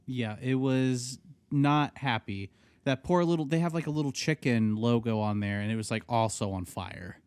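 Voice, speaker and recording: A man's voice: medium pitch, moderate pace, smooth, no echo. A man co-hosting a podcast, chatting casually with an easygoing, joking manner. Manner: jokey, easygoing banter. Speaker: podcast co-host. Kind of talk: casual chat.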